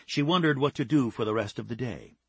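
A man reading a novel aloud as an audiobook narrator, calm and even. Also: mid-range voice, fairly quick, slightly rough, no room sound. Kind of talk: scripted narration.

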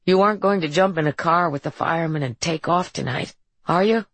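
A woman reading an audiobook and voicing a troubled, earnest teenage boy who speaks in a halting, confessional way. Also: fairly low pitch, fairly bright tone, no room sound. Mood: anxious.

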